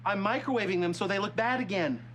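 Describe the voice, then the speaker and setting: An actor playing a flamboyant, theatrical middle-aged husband who talks in a dramatic, flustered way. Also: male voice, high voice, fast, a bit bright. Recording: sitcom clip with noise behind.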